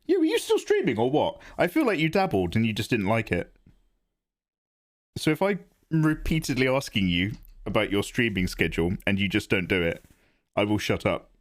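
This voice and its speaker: A man's voice: fairly low pitch, huge pitch swings, moderate pace. A man chatting casually with viewers while drawing on a livestream from his home setup. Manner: chatty, chats with viewers in the chat. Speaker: art streamer.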